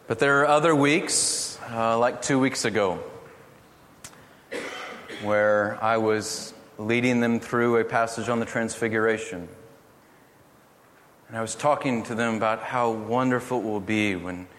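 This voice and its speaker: A middle-aged man preaching a sermon, telling family stories in an earnest, gently humorous way. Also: medium pitch, fairly even intonation, measured pace. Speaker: pastor. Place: church hall. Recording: echoey hall from far off, faint noise.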